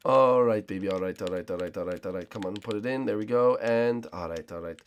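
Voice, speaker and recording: A young man hosting a gaming channel, giving excited gameplay commentary in a hyped way, repeating himself and calling out other players. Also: lowish voice, normal speed, hardly any pauses, clear, resonant tone.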